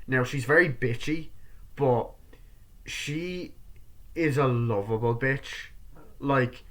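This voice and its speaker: A man's voice: mid-range voice, fairly bright tone. A man giving a casual movie review, rambling with lots of fillers and briefly acting out characters' lines. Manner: rambling, acts out characters' lines in quick impressions; heavy use of filler words like "like" and "you know". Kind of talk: casual film review vlog.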